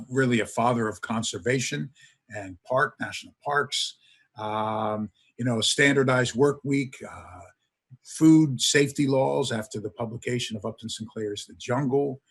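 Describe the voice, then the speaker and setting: Man, history professor, husky voice, lecture delivery, enthusiastic storyteller, lots of filler sounds. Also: medium pitch. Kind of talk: lecture to an audience.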